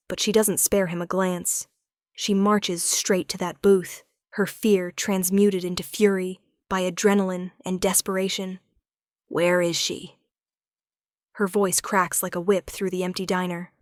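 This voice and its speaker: Woman, story narrator, scripted romance narration, measured, flat pitch, dry close mic. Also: dry recording.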